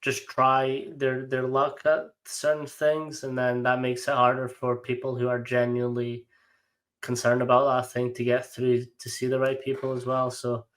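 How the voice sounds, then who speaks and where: A man hosts a relaxed podcast chat, hesitant and prone to restarting his phrases. His voice is mid-pitched, with a flat, level melody. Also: moderate pace. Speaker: podcast host.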